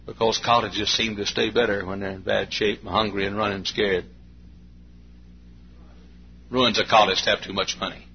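A man's voice: on the low side, little pitch movement, normal speed, gravelly, long pauses. A man preaching a sermon in a folksy storytelling way, acting out little scenes. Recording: dull lo-fi recording with faint hum.

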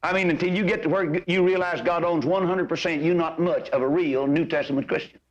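An older preacher with a notably high voice exhorts his listeners in a folksy, storytelling manner. He swings from homespun tales to earnest appeals. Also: fairly even intonation, fairly quick, muffled recording. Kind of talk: sermon.

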